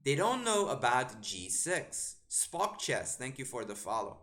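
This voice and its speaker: A chess grandmaster streams live, commentating on a game while hurling exasperated rhetorical questions at the board and muttering move sequences to himself. His voice is medium-pitched, sing-song, fairly bright and a little slow, with soft music in the background.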